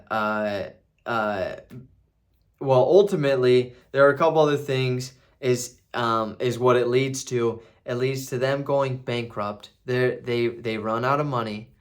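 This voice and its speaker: A man casually recapping a film, rambling with restarts and fillers. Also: mid-range voice. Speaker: movie reviewer.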